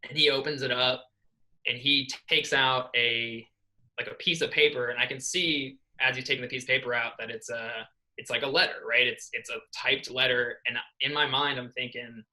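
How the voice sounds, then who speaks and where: Bright-voiced young man telling a story. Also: medium pitch, steady tone, moderate pace, rough recording. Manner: rambling, earnest, many fillers and restarts. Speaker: assistant swim coach. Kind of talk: podcast interview storytelling.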